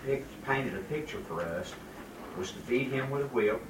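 A man's voice: mid-range voice, animated, moderate pace. A middle-aged man in a Bible class sharing an earnest personal testimony. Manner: earnest, building in emotion. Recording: distant roomy recording with background noise.

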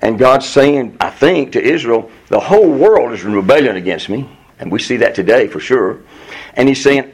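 A man teaching through a Bible book verse by verse, earnest and emphatic, reading passages aloud and explaining them to a class. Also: rough recording. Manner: earnest, emphatic, rises in pitch on quoted pleas.

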